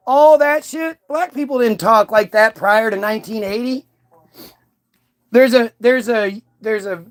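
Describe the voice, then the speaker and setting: A man hosting a profane, rambling rant monologue, full of restarts and swearing. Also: sits high. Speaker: host.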